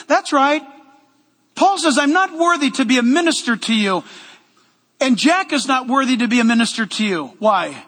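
A pastor with a strikingly high, bright voice preaches with loud energy in a church sanctuary, tossing joking asides to the congregation. His words ring out with a long reverb in the hall. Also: expressive, normal speed. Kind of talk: sermon.

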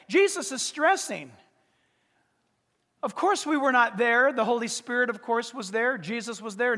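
A pastor preaching a sermon in an emphatic way, with rhetorical questions and numbered points. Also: male voice, very high voice, pushed and bright. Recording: long reverb of a large hall.

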